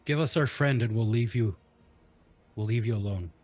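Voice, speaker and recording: A man's voice: medium pitch, moderate pace, a little mellow. A man playing a tabletop game, explaining his character's plan in a matter-of-fact way. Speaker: player.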